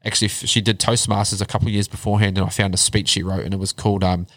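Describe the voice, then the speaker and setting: A man telling his life story in a casual chat, blunt and animated, swearing heavily. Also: on the low side, very fast, no echo. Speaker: podcast guest.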